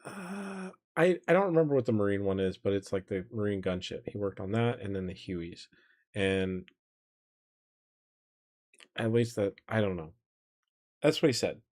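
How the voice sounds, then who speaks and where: A man's voice: on the low side, animated, normal speed, long pauses, a little mellow. A male streamer telling a rambling story casually, laughing often and correcting himself.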